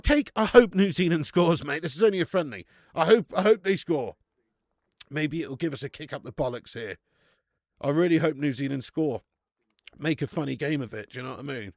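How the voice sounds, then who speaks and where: Streamer type: young man, gravelly, fairly high voice, sweary excitable match commentary with chat asides. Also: no room sound, clean studio sound. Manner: sweary, excitable, chatty with viewers. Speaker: football watch-along streamer.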